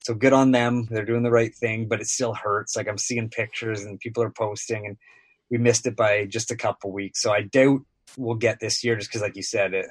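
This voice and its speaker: A man's voice: fairly low pitch, no echo. A sports broadcaster guest, a man in his thirties, telling casual stories on a podcast, rambling with lots of filler words.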